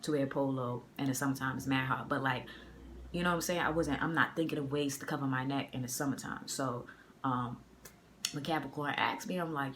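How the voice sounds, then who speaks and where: A woman's voice: a bass voice, fairly even intonation, fairly quick, fairly bright tone, a little hiss or hum. A woman from the area, telling a story in a casual storytime vlog. She talks in a loose, chatty way full of fillers and slang, recorded on a phone. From Boston area. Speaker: vlogger. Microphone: phone camera.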